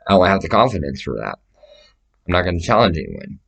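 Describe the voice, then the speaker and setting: A man's voice: low-pitched, big pitch swings, fast talker, gravelly, a bit bright, muffled recording. A man talking straight to the camera in a rambling, profane monologue that wanders from topic to topic and swears freely. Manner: profane, meandering, gestures while describing sizes.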